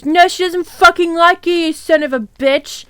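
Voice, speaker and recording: Jealous teen boy, angry yelling, swearing, high voice, as a woman puts him on. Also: fairly even intonation, moderate pace, no room sound, studio quality. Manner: shouting angrily, swearing.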